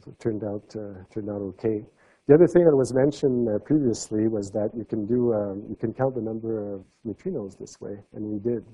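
A man giving an academic seminar talk, explaining step by step and letting his voice drop softly at the ends of phrases. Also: fairly low pitch, fairly quick, lo-fi sound. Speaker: lecturer.

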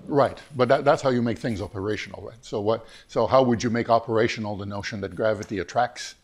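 A hoarse man leads a technical physics seminar, his voice gravelly and husky and pitched a little low. He talks haltingly, restarting phrases and leaning on fillers as he explains. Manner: hesitant, many fillers and restarts. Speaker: physics lecturer.

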